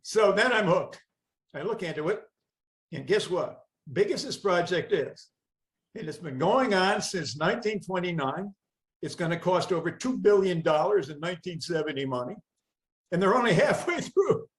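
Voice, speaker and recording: A man's voice: high voice, moderate pace, low-quality recording. An older man giving a wry, anecdotal storytelling talk as a guest speaker on a video call. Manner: wry, anecdotal, with lively asides. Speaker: guest speaker, environmental lawyer.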